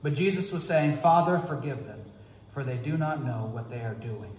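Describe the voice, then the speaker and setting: A man preaching as pastor in a Good Friday sermon, reading scripture in a slow, measured, solemn way. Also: medium pitch, darkish tone, a little hiss or hum. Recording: echoey church hall reverb.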